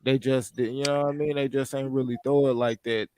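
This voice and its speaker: A man's voice: mid-range voice, little pitch movement, a little fast, darkish tone, slight background noise, poor audio. A man rambling through a casual boxing chat as a podcast panelist, restarting his thoughts mid-sentence.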